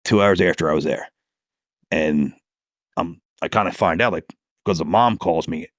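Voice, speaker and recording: Profane, animated detective telling stories. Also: male voice, on the low side, brisk, dry recording, studio quality. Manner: animated storyteller, acts out heated phone calls, swears freely. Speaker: police detective guest. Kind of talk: storytelling in podcast interview.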